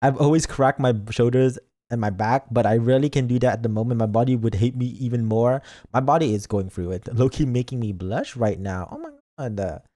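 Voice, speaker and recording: A man's voice: medium pitch, brisk, warm tone. A man streaming a game as a VTuber, chatting casually with his viewers in a playful, goofy, mock-defensive way.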